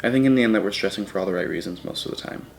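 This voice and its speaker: A man's voice: sits low, rapid-fire, creaky, a little mellow, a little hiss or hum. Rambling young guy musing aloud. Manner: rambling, self-correcting, earnest. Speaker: vlogger. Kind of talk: casual reflective monologue.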